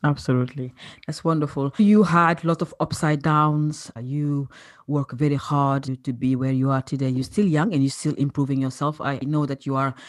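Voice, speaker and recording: A woman's voice: rumbling low, steady tone, moderate pace. A woman hosting a podcast interview, effusive and encouraging, full of praise for her guest. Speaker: podcast host.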